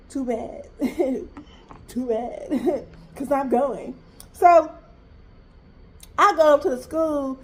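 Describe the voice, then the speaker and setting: A mother telling a story in an animated, emphatic, exasperated way. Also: sits high, slow, pauses often. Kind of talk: storytime vlog.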